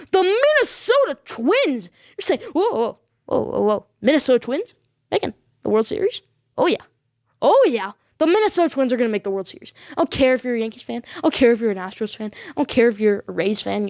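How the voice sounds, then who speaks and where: A woman delivers solo sports commentary as a podcast host, voice sitting a little high. She talks with insistent emphasis, doubling back on her points and speaking straight to the viewers. The sound is dry, with no room around it. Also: darkish tone, dry recording. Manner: emphatic, repeats points for stress; bold predictions addressed to viewers.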